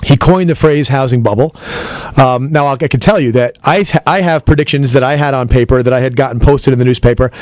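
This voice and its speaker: A man's voice: medium pitch, brisk, a little mellow, dry recording. A man hosting a talk radio show, delivering an emphatic, persuasive monologue. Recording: radio broadcast studio.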